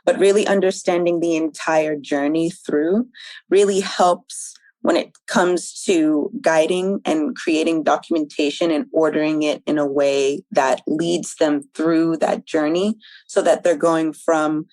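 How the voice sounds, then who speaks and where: Low-voiced thoughtful woman guest. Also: fairly even intonation, darkish tone, dry recording, poor audio. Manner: thoughtful, measured, with frequent ums. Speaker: podcast guest, documentation manager. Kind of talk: podcast interview answers.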